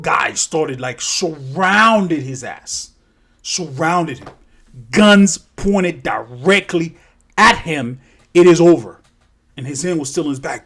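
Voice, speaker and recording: A man's voice: a little high, lively intonation, takes it slowly, long pauses, a bit bright. A man telling a story off the cuff, rambling and swearing freely, often correcting himself along the way. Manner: profane, rambling, self-correcting. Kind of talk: casual spoken storytelling.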